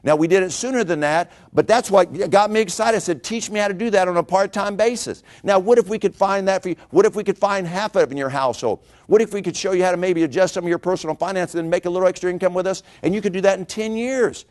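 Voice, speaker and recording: A middle-aged financial seminar speaker delivers a motivational talk about money at a rapid clip, his voice high for a man. Energetic and a little preachy, he hammers points home with rhetorical questions.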